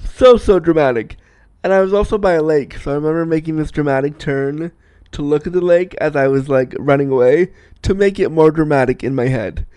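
A young man telling a personal story in a casual, animated, self-mocking way, laughing often. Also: on the high side, fairly quick, smooth, no room sound.

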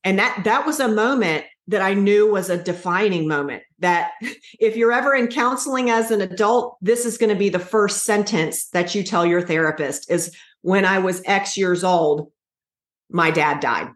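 A woman in her forties, a podcast guest telling a painful personal story in an earnest, halting way. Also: medium pitch. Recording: echoey room.

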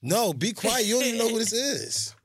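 Lively teasing male podcast host. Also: extremely high pitch, fairly quick, slightly rough. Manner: teasing, joking banter. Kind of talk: casual chat.

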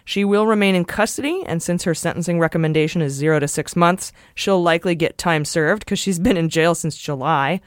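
A woman's voice: fairly low pitch, fairly quick, few pauses, no room sound, studio quality. A woman co-hosting a political podcast, talking casually in a blunt, profane, sarcastic way. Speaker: podcast co-host.

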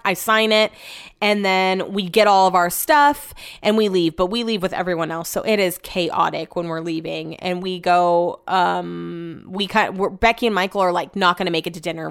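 A woman's voice: mid-range voice, fairly bright tone, clean tone. A young woman telling a story in a casual, chatty, profane way. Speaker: vlogger.

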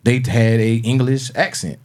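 A man's voice: mid-range voice, fairly even intonation, a little slow, a little mellow. A man on a casual podcast, rambling through musing questions and cursing freely. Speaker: podcast co-host.

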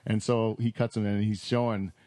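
A man's voice: fairly low pitch, flat delivery, brisk, mellow, no room sound. A man hosting a casual podcast chat, rambling with lots of fillers, restarts and laughter. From Canada. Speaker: podcast host.

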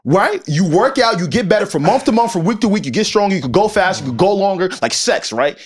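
Animated man making his point. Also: high-pitched, quick pace, slightly rough. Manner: animated, rhetorical, keeps asking "right?". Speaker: podcast co-host. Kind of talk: casual chat.

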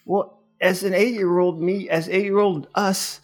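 A man's voice: high voice, flat delivery, a little slow. A man voicing an earnest, pleading eight-year-old inner child in an improvised comedy podcast.

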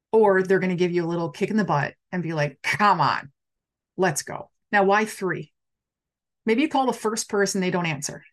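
A middle-aged woman coach talking candidly on a live stream, reading out viewer comments and acting out her own past worries. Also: mid-range voice. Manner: candid, expressive, acts out her own quoted thoughts.

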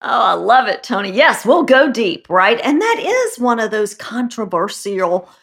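A woman's voice: fairly high pitch, big pitch swings, unhurried, gravelly, a bit bright. A woman guest who is a parenting expert, talking in an upbeat, emphatic way and often asking "right?". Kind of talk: casual chat.

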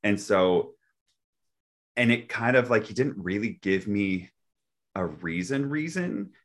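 A man hosting a casual chat, telling a personal story with lots of "like" fillers and an expressive delivery that swings from quiet to loud. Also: on the low side, slow pace. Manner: heavy use of filler "like".

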